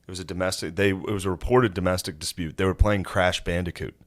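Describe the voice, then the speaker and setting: A man with a low voice trades stories on a podcast. His humor is dry and deadpan, dropped in quick asides. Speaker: podcast co-host. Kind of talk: casual podcast banter.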